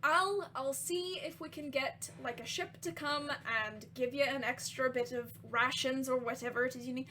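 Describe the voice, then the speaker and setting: A woman voicing a flustered male ship captain who keeps trying to calm people down. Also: high-pitched, normal speed, hardly any pauses, slight background noise. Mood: placating. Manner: defensive, smoothing things over.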